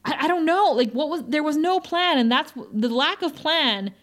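A woman co-hosting a podcast, recapping an episode in casual chat, animated and exasperated, laughing often. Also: high voice, moderate pace. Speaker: podcast co-host.

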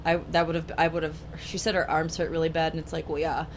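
A woman's voice: sits low, little pitch movement, brisk, slight background noise. A woman co-hosting a podcast in casual chat, rambling through a plot summary with lots of "like" and "um". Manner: rambling, many fillers like "like" and "um". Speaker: podcast co-host.

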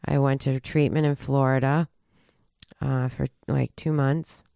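A woman telling a personal story in a halting, earnest way, with many restarts and fillers. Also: a bass voice, little pitch movement, vocal fry, mellow, no echo, clean studio sound. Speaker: guest telling her recovery story.

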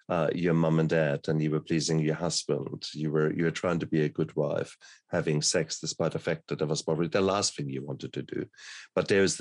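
A man hosting a podcast interview, asking gentle, probing questions. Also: rumbling low, no room sound. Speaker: podcast host.

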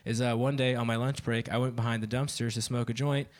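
A stand-up comedian in his twenties performs a set on a club stage and often laughs at his own jokes. His medium-pitched voice has a flat delivery, and he talks fast.

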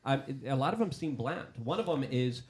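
A man in mid-pitch range co-hosting a political talk podcast, arguing his case with emphasis. He stacks repeated phrases as he drives his point home. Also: lively intonation, moderate pace, darkish tone. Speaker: podcast co-host. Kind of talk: political discussion.

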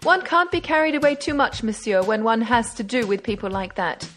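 A woman's voice: a little high, animated, brisk, fairly bright tone, soft background music. A woman reading aloud as a brash young male amateur detective, speaking with eager, triumphant reasoning. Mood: exultant.

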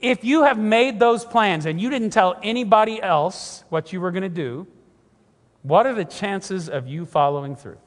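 High-voiced preacher in a reverberant hall. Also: male voice, moderate pace. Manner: earnest, emphatic preaching, often repeats himself. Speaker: pastor. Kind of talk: sermon.

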